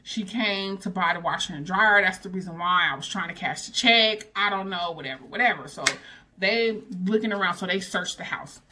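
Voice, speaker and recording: A woman vlogger telling a storytime, casual and animated, full of slang and dramatic retelling. Her voice is bright and sharp, with a mid-range pitch. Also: normal speed, a little hiss or hum.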